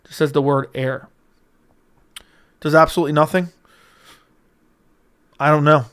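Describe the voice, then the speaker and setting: A young man hosting a casual livestream from a room at home, talking close into a studio mic, joking and crude, with sudden loud bursts. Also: fairly high pitch, fairly even intonation, moderate pace, clean tone. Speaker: livestream host. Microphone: close studio mic with audio interface.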